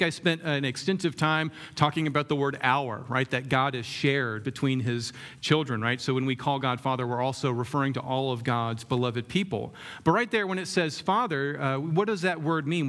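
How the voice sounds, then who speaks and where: A man's voice: mid-range voice, a bit bright. A man preaching a sermon in a conversational way, often asking the room questions and using many fillers. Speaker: pastor.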